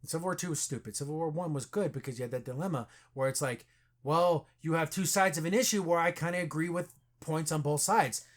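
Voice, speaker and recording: A man talks through a movie's plot in a relaxed podcast chat, his voice sitting a little higher than most. He keeps slipping into quoted dialogue as he retells the scenes. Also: brisk. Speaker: podcast host. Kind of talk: casual movie review chat.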